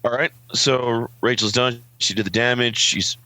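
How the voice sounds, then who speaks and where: A man's voice: mid-range voice, steady tone, normal speed, sharp tone, no room sound. A man acting as dungeon master, casual and laughing, swearing freely on an online call. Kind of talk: running a tabletop game, casual chat.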